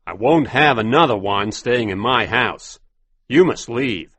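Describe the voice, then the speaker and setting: A man voicing a stern, fearful old father who speaks gravely and with warning, in a storybook reading for English learners. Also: medium pitch, expressive, a little slow, fairly bright tone, no room sound.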